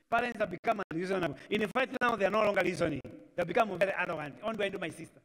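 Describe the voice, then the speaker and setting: A man's voice: sits high, rapid-fire, a bit bright. A man with a Kenyan accent preaching to young people, mixing Swahili phrases into his English and acting out family conversations. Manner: mixes Swahili into English, acts out family dialogues. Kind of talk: sermon. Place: church hall. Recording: church live stream with long reverb.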